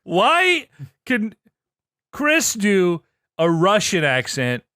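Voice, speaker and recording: Bright-voiced guy ribbing his buddies on a podcast, super expressive. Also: high-pitched, drawn-out words, clean tone, no echo, clean studio sound. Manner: teasing, animated banter. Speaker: podcast co-host. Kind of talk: casual chat.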